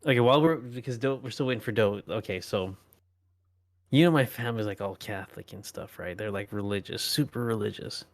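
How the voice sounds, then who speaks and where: A man's voice: fairly low pitch, a little fast. A man co-hosting a casual podcast, rambling through a ghost story with filler words and swearing. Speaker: podcast co-host. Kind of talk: casual chat, telling ghost stories.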